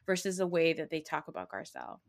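A woman's voice: low-pitched, huge pitch swings, fast talker, gravelly. A woman co-hosting a podcast, retelling reality-show scenes in an exasperated casual chat. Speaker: podcast co-host.

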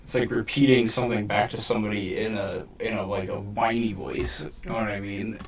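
A man's voice: on the low side, little pitch movement, fairly quick, recorded from a distance, slight background noise. A man co-hosting a podcast in casual chat, rambling and hedging with frequent restarts and filler words. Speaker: podcast co-host. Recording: voice a bit off the mic.

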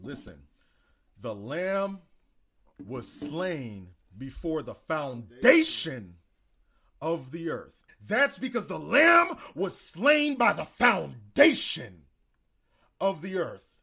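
Husky, animated high-voiced preacher. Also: male voice, slow pace. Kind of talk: sermon.

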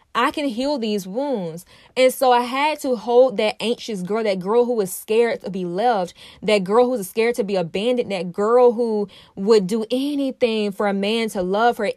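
This podcast host, a woman with a slightly high voice, gives an earnest personal self-help monologue. She's emphatic, repeats phrases, and speaks straight to her listeners. The sound is close and dry, with no echo.

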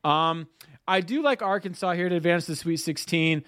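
A man talks casually on a sports podcast, stumbling and restarting his sentences and tossing in jokes. His voice is smooth and crisp, a little higher than most men's, and the recording is dry and close. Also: moderate pace, fairly bright tone, no room sound. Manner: stammering restarts, joking asides. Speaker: podcast co-host.

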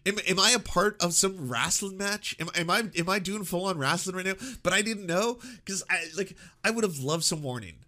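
High, bright male commentator, incredulous and exasperated, swearing often in casual reaction talk. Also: brisk, few pauses. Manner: exasperated, swearing, laughing in disbelief.

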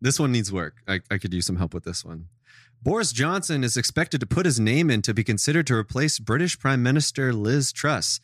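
A man co-hosts a comedy podcast, reading his jokes with self-deprecating jabs and sudden exclamations. His pitch moves a lot around an ordinary middle. The sound is dry. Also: animated, brisk, no room sound.

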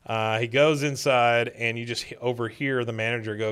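A man's voice: medium pitch, fairly even intonation, normal speed, fairly bright tone, clean tone. A man co-hosting a podcast, casually retelling an episode in a rambling, filler-heavy way. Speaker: podcast co-host.

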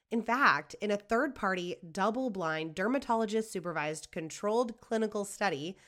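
Woman, podcast host, sponsor ad read, upbeat, personal, mid pitch. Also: a bit bright.

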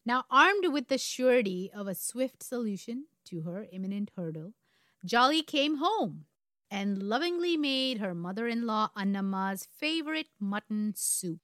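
A woman's voice: mid-range voice, sing-song, a little slow, fairly bright tone, no echo, clean studio sound. A woman in her forties from India, co-hosting a podcast and telling a true crime story in a casual way with wry asides.

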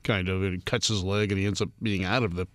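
A man co-hosting a casual chat, chiming in with enthusiastic, quick remarks. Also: deep voice, steady tone, dry recording.

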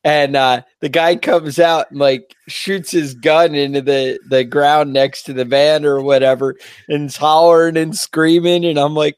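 A man's voice: fairly high pitch, fairly even intonation, measured pace, few pauses, clean tone, dry recording, studio quality. Profane, storytelling podcast co-host man. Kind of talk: casual chat.

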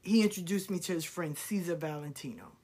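A woman's voice: fairly low pitch, a little fast, mellow, slightly rough. A woman and spiritual reader telling her life story on a live video, laughing often, swearing freely and repeating herself to drive home an encouraging, preachy point.

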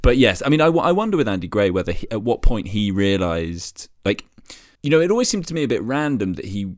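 A man chatting casually on a football podcast in animated, quick bursts. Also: fairly low pitch, no room sound, studio quality. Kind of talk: casual chat.

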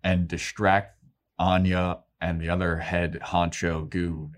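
Man, podcast co-host, casual recap, lowish voice, animated. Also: slow pace. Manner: animated storytelling, acts out quotes.

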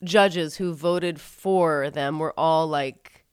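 A woman's voice: sits low, extremely slow, clear, resonant tone, dry recording, clean studio sound. A woman co-hosting a casual podcast, chiming in with short reactions. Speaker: podcast co-host.

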